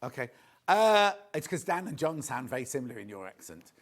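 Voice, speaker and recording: A man's voice: mid-range voice, big pitch swings, a little fast, fairly bright tone. A man presenting live home shopping, chatty and rambling, poking fun at himself. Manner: chatty, rambling, self-mocking.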